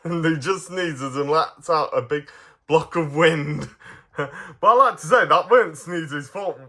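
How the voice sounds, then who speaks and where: A man's voice: on the high side, measured pace, sharp tone. A man reviewing toy figures in a casual, playful way, giggling often.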